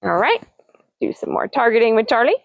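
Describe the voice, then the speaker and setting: A woman's voice: fairly high pitch, big pitch swings, fairly quick, creaky, dry recording, muffled recording. A woman hosting a casual livestream as a parrot trainer, chatting with viewers and cooing to her birds in a singsong voice. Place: outdoors.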